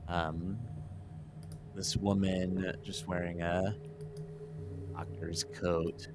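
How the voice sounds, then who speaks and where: A man with a very deep voice narrates a tabletop game as its game master. He talks in a relaxed, halting way, full of fillers. A clear hiss runs under the home recording.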